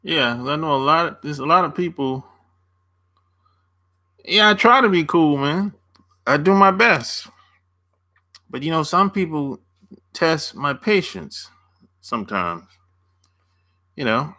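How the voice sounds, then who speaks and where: Male dating coach, unhurried delivery with a bright edge, relaxed chat style answering viewers. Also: on the high side. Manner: laid-back, chuckles often, answers chat by name. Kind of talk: casual livestream chat with viewers.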